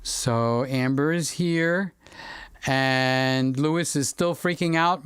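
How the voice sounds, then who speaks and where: A man's voice: mid-range voice, takes it slowly, fairly bright tone, clear, resonant tone, dry recording. A man hosting a casual livestream, chatting with viewers by name and now and then singing to them. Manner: chatty, talks to viewers by name, breaks into sung lines. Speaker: livestream host. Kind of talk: casual livestream chat reading viewer comments. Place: home studio room.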